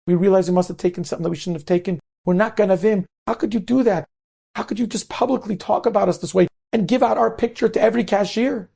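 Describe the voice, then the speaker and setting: Brief: distraught mother, high and pleading, put on by a gravelly storyteller. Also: fast, dark tone, heavily acted. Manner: upset, pleading. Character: distraught middle-aged mother.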